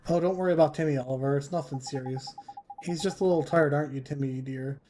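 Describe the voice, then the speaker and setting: A man's voice: a little high, fast, mellow, slight background noise, lightly acted. A man voicing a fussy older woman who coos over her cat in a sweetly doting way. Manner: cooing, fussing, sweetly doting.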